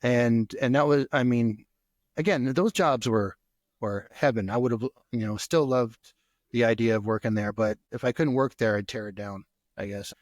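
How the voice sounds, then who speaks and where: A man's voice: medium pitch, normal speed, no echo, studio quality. A man co-hosting a podcast, reminiscing in casual chat with lots of ums and restarts. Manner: hesitant, many fillers and restarts. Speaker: podcast co-host.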